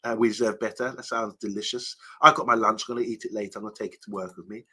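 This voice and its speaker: A man with a lowish, bright, forceful voice and a husky edge hosts a casual live stream. He rambles through viewer comments, filling gaps with ums and restarting his sentences as he chats along. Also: fairly even intonation, very fast. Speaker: host of a fan live stream.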